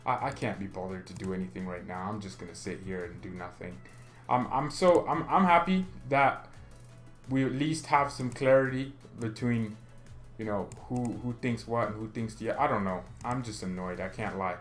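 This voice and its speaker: A man's voice: on the low side, normal speed, soft background music. A man hosting a football fan channel, ranting in an exasperated, sarcastic and mocking way. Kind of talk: ranting commentary to camera.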